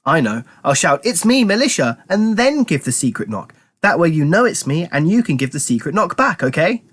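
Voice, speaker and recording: A man's voice: a little high, big pitch swings, normal speed, a bit bright, slightly rough, pitched above the performer's own voice, full character voice. A man voicing a bossy, theatrical girl who loves adventure stories, in a storybook reading.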